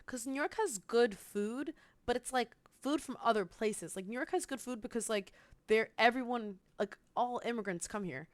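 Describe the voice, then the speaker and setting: A woman's voice: fairly high pitch, moderate pace, dry recording. Chatty woman streamer, dry close sound. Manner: rambling, filler-heavy, laughs easily. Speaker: streamer reacting to a video. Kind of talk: casual reaction chat.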